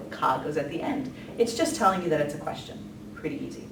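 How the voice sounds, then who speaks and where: A woman's voice: low-pitched, expressive, moderate pace. Chatty woman teaching in an echoey room. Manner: chatty, many ums, laughs lightly. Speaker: language teacher. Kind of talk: casual explanatory lesson. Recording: echoey room from a distance, faint noise.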